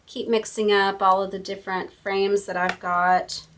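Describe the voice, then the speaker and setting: A woman's voice: medium pitch, level tone, unhurried, a bit bright, recorded from a distance, a little hiss or hum. A woman hosting a casual card-making tutorial at her craft table, chatty and thinking aloud as she works. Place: home craft room.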